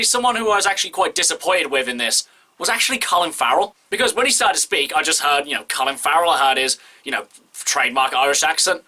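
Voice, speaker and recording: A man's voice: fairly high pitch, bright, forceful tone. A man giving a casual, candid film review, talking in an opinionated, chatty way.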